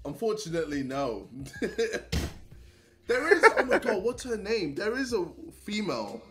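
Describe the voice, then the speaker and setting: Brief: British male guest, playful casual chat, very animated pitch. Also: soft background music. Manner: giggly, drawn-out, playful. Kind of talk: casual chat reacting to memes.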